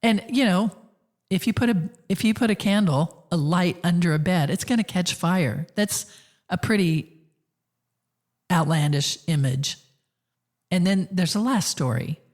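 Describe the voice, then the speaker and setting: A woman with a fairly low voice hosts a relaxed podcast chat. She tells stories in an easygoing way, laughing often between thoughts. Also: a little slow, long pauses. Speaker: podcast host. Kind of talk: casual conversation.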